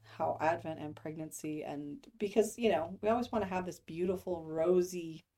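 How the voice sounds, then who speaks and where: A woman co-hosting a church podcast with her husband, chatty and quick to laugh, with wry asides. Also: on the low side, warm tone. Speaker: Christian education leader, co-host. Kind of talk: casual chat.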